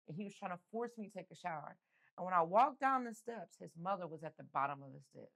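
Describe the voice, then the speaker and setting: A woman's voice: mid-range voice, expressive, brisk, fairly bright tone. A middle-aged woman, an interview guest, telling her own story candidly and acting out the people in it. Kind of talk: emotional personal storytelling.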